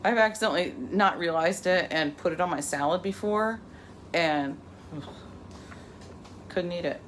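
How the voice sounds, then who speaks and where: A woman's voice: lowish voice, moderate pace, fairly bright tone, a little hiss or hum. A middle-aged woman chatting casually in her home kitchen, laughing often as she cooks for a vlog. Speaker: vlogger. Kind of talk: casual cooking vlog chat.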